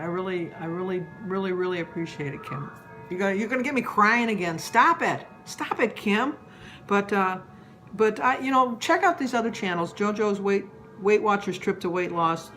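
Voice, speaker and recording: A woman's voice: on the low side, fairly bright tone. A woman in her sixties vlogging about weight loss in a rambling, chatty way, easily sidetracked. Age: 60s. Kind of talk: casual chat to camera.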